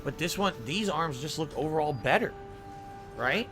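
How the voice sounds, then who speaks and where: Man, game streamer, slightly high voice, thinks aloud, game music behind. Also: animated, normal speed. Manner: thinks aloud, reads out tips. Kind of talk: live gameplay stream chat.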